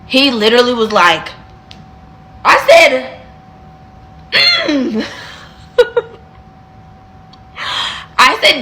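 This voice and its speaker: A woman in her twenties telling a dating story in a casual storytime, animated and emphatic, repeating phrases for effect. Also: sits high, extremely slow, long pauses.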